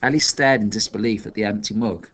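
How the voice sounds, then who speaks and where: A man's voice: fairly low pitch, fairly even intonation, quick pace, a bit bright, slight background noise. A man reading a children's novel aloud as scripted narration, telling the story expressively. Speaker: audiobook reader.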